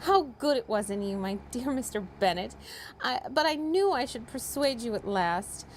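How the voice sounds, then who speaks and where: A woman voicing a fretful, high-strung middle-aged mother in a dramatic reading of a classic novel. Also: animated, normal speed, slight background noise, lightly acted. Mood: gushing. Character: fretful, shrill middle-aged mother fussing over her nerves.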